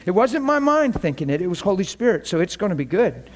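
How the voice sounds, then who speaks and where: A man's voice: high-pitched, big pitch swings, a little slow, pauses often, fairly bright tone. A man preaching a sermon, praying fervently and telling the story with playful asides. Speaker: pastor.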